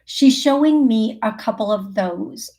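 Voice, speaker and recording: A psychic medium host with a fairly high, mellow, animated voice takes her time on a live call-in show. Chatty and full of laughter, she works through readings while thinking aloud with many fillers.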